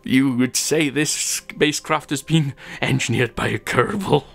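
A man's voice: mid-range voice, a little slow, gravelly, fairly bright tone. A man hosting a gaming channel, chatting through his gameplay and reading out viewer comments, rambling a little and chuckling at his own jokes.

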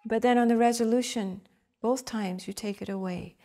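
A woman teaching the flute, explaining gently and reflectively with vivid images. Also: a little high, steady tone, normal speed, a little hiss or hum. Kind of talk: instructional explanation.

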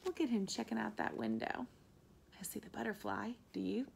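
A woman reading a children's picture book aloud in an animated way, with soft whispered asides to young listeners. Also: mid-range voice, normal speed, vocal fry, background noise. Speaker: read-aloud storyteller.

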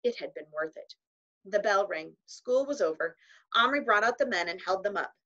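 A woman reads a children's novel aloud at an even storytelling pace. Her tone is bright and clear, and the recording is slightly muffled and lo-fi. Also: mid-range voice. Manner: measured storytelling with voiced characters. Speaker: audiobook reader. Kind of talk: children's book narration.

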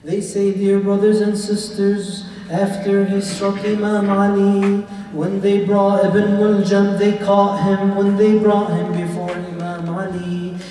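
A man delivering a sermon in a hall, telling a story dramatically and praying slowly. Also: high-pitched, warm tone. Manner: dramatic storytelling, rising to impassioned, then slow lament. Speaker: shaikh giving a Ramadan lecture. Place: mosque or community center hall. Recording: echoey hall from far off.

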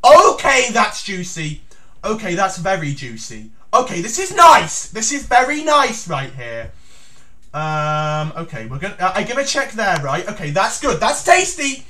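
A man giving theatrical, excited commentary on his own chess game as he plays, breaking into shouts. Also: high voice, a little slow. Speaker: chess YouTuber.

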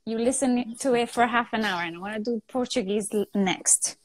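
A woman from Italy speaks with an Italian accent in a casual live chat. Her voice sits a little high, and she is animated and quick to laugh. The sound is dry and close, like a video call. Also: dry recording. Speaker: guest.

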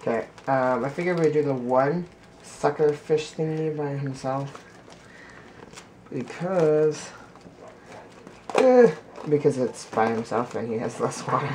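A man chats into a handheld camera in a casual vlog, rambling and excitable, cracking jokes as he goes. His voice sits at an ordinary middle pitch. A faint hum of background noise runs underneath. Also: takes it slowly, pauses often. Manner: rambling, excitable and jokey, with laughs. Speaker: vlogger. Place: in a car, then indoors at home by a fish tank.

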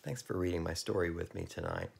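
Gravelly man reading a picture book. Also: low-pitched, fast talker. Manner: lively, drops to a hush to ask kids to find the cat. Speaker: children's book reader.

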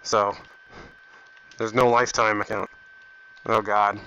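A man's voice: lowish voice, level tone, takes it slowly, bright, forceful tone, a little hiss or hum. A man vlogging about gaming and reading out viewer comments, in a rambling, offhand way; he is getting sick and talks into a headset mic. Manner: rambling and offhand, with frequent restarts. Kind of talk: casual chat reading comments. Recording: dull lo-fi headset audio.

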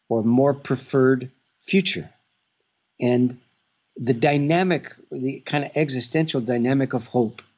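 A man speaks in a husky, breathy voice, turning each thought over slowly with drawn-out pauses. He answers from home over a dull, muffled call line that dulls the top end. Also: medium pitch, darkish tone. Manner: measured and contemplative, with stretched pauses. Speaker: guest author. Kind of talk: reflective interview answers.

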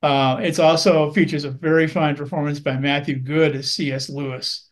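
Earnest male film critic, slightly high voice. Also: steady tone. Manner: measured, earnest, many ums and uhs. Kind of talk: film review chat.

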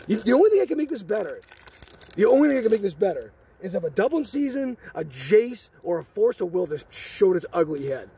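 An excited man hosting a card-opening video, exclaiming and joking in slangy chat, so thrilled he says he is shaking. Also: sits high, fairly quick, breathy edge. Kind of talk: excited box-opening vlog.

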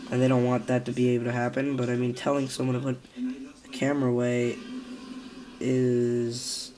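A man's voice: medium pitch, monotone, normal speed, crowd noise. A young man with a nasal voice, a little sick, giving casual, hesitant spoken commentary on his video channel. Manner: hesitant, many fillers and restarts. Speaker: vlogger.

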